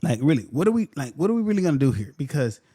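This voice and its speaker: Warm-voiced man hosting a podcast. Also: a little high, big pitch swings, husky. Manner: repetitive, blunt, mocks others with quick voices. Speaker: podcast host. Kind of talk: casual commentary.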